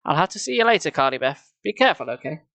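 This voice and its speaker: A man's voice: fairly high pitch, big pitch swings, fast talker, creaky, a bit bright, dry recording, heavily acted. A man voicing a caring mother calling out to her teenage daughter. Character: cheerful caring mother of a teen girl.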